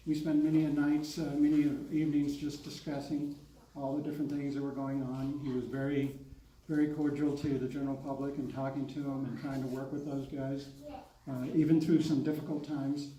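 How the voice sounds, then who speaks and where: Halting man with a dark, flat voice. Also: mid-range voice. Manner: halting and hesitant. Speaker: coworker giving a eulogy. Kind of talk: memorial tribute speech. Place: memorial service hall. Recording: echoey hall, distant mic.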